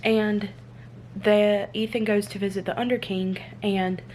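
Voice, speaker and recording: A young woman with a drawl talks casually to her phone camera, excitable and full of rhetorical questions. Her pitch sits in a middle range. A faint hum runs in the background. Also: a little slow. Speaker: book vlogger. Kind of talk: casual reading vlog chat. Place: indoors, then moving between spots without a tripod.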